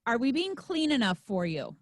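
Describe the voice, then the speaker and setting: A woman's voice: a little high, very animated, normal speed, no room sound, studio quality. A woman hosting a stand-up comedy show, joking brashly and hyping up the crowd between acts.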